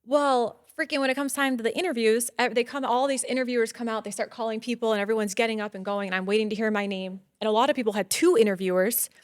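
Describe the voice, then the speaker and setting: Animated woman, lively storyteller. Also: fast talker, hardly any pauses, no echo, studio quality. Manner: animated, acts out quoted dialogue, gets loud and high when excited. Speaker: guest. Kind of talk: storytelling in a podcast interview.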